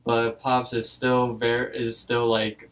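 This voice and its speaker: A young man co-hosting a podcast, recapping an episode in loose casual chat, quick to swear and easily creeped out. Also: medium pitch, completely flat delivery, fairly bright tone. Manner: loose and profane, easily spooked. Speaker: podcast co-host. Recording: voice a bit distant from the mic.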